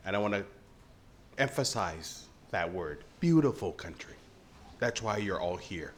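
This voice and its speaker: A man's voice: sits low, a little slow, fairly bright tone, slight background noise. A man from Thailand in his late fifties, speaking as a panelist with jovial, joking, emphatic remarks. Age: late 50s.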